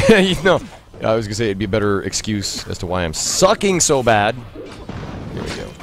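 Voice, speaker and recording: Animated man chatting over a game. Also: on the low side, moderate pace, background noise. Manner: chatty, laughs often, exclaims at the game. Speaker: streamer and host. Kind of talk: casual gameplay commentary.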